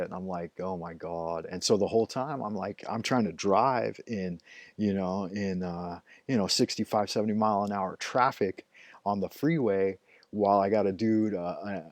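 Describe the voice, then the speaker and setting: A middle-aged man with a lowish voice runs a live stream, recorded with no echo. He tells stories loosely and profanely, constantly dropping "like" and "you know" between frequent swear words.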